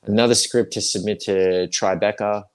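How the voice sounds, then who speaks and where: Young aussie guy, deep voice, rambly livestream chat full of ums. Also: steady tone, moderate pace. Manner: rambling, frequent fillers and restarts. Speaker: guest actor.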